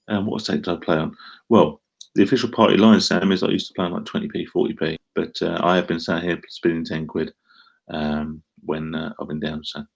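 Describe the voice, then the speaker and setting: A man's voice: low-pitched, fairly even intonation, brisk, gravelly, slightly rough. A middle-aged man with an Essex accent, chatting casually on a live stream and answering viewer comments in a rambling way. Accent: Essex English. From England.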